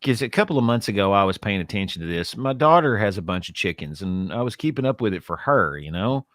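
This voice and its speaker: A man's voice: fairly low pitch, animated, quick pace, a bit bright, no echo. Southern male co-host, easygoing rambler, dry booth sound. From Kentucky. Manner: rambling, trying out accents. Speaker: podcast co-host. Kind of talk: casual chat.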